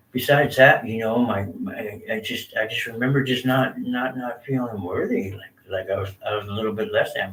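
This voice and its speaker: A man's voice: lowish voice, fairly bright tone, distant mic. A man from Southern California casually telling stories about his life in a laid-back, slangy, rambling way. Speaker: storyteller sharing his life. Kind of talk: casual personal storytelling. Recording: roomy off-mic sound with faint ambience.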